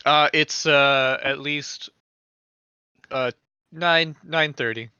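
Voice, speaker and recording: A man running a tabletop game in a bright, smooth voice, rambling through loose, crude narration full of fillers. The sound is dull and lo-fi, like a voice chat mic, and dry with no room echo. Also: a little high, steady tone, extremely slow. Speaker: game master.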